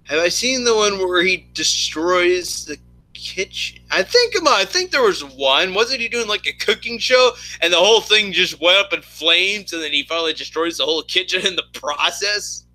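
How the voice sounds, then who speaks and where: High, sharp-voiced rambling man. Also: animated, normal speed, no room sound, poor audio. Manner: rambling, lots of fillers and restarts. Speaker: streamer chatting with viewers. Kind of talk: casual chat.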